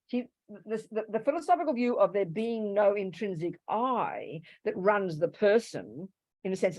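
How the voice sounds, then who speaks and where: Woman, Buddhist teacher, live class talk, animated, loud bursts and soft asides, mid-pitched voice, dry close sound. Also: no room sound. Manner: acts out little quoted voices to make a point.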